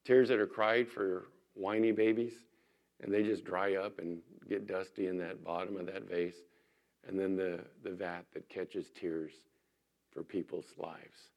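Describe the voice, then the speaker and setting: A man with a fairly low-pitched voice delivers a sermon as a pastor. He swings between loud, emphatic lines and soft, hushed asides, and his pitch jumps up on key points. His delivery is animated and pastoral. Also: unhurried, muffled recording.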